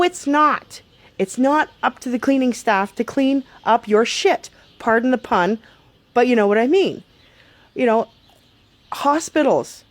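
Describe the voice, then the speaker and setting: A woman's voice: mid-range voice, darkish tone. A woman vlogger giving a blunt, sarcastic, profane advice rant to the camera. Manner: blunt, sarcastic, swears a lot.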